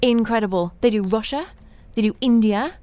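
A woman presenting on a radio show, telling animated, laughing anecdotes in a chatty way in a studio. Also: a little high, normal speed, dry recording. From Britain.

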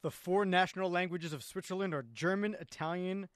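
A man co-hosting a sports talk show, reading out brisk questions and prompts. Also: sits high, steady tone, fairly bright tone, no echo. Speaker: sports radio co-host.

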